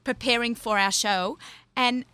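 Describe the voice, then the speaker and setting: A woman's voice: a little high, steady tone, a little slow, pushed and bright, smooth, dry recording. A middle-aged woman guest on a talk show, explaining in a rambling, filler-heavy casual chat.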